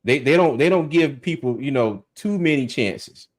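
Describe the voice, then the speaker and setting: Man, host, casual sports chat, friendly, stop-start delivery, mid pitch. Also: animated, normal speed. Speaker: podcast host.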